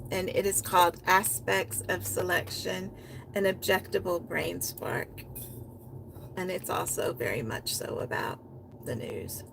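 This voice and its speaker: A woman hosting a poetry reading, reading poems in a rhythmic, chant-like way and talking about them with hesitant pauses and restarts. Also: fairly low pitch, gravelly, background noise. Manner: hesitant fillers and restarts in her chat, rhythmic chant-like recital.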